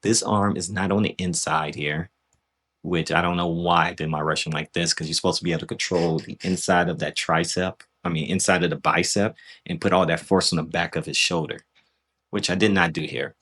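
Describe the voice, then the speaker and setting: A man's voice: sits low, fairly even intonation, fairly quick, fairly bright tone, husky. A man casually breaking down footage of his own grappling match, loose and self-critical, often checking in with "right?".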